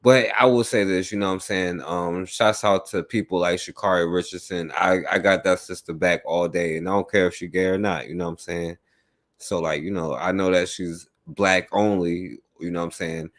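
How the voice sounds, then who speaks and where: Man, podcast host, very deep voice, laid-back, filler-heavy. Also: steady tone, normal speed. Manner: laid-back, heavy "you know what I'm saying" fillers. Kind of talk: casual talk.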